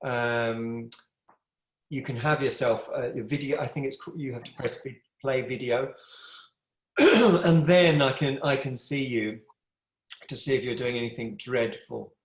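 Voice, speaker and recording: Middle-aged yoga teacher, chatty and affectionate, mid-pitched, roomy home room sound on a video call. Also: male voice, measured pace. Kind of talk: live online yoga class. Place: room at home with a wood stove.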